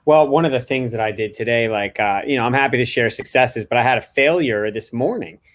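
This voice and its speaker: A man's voice: mid-range voice, fairly quick. A man co-hosting a podcast, telling a story about his family in a candid, self-reflective way. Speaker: podcast co-host and father. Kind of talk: casual podcast chat.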